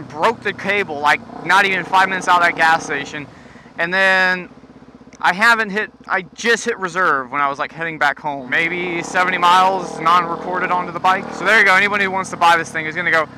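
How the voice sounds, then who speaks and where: A man's voice: high voice, a little fast, bright, forceful tone, low-quality recording. A man vlogging while riding a motorcycle at night, rambling in a scatterbrained, joking and profane way. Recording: heavy road and engine noise.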